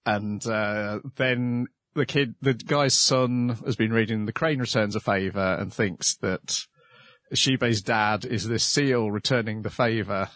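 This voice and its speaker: A man in casual conversation, calmly retelling the events of a cartoon episode. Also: lowish voice, slow pace, no echo, clean studio sound. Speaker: podcast co-host. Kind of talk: casual chat recapping an anime episode.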